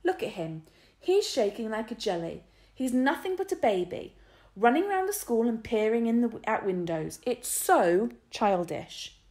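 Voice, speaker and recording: A woman's voice: fairly high pitch, very animated, moderate pace, mellow, voice pushed up. Woman doing a prickly, defensive schoolgirl. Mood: scornful. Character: guarded, prickly schoolgirl, flat and reciting. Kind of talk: storybook reading. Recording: roomy echo.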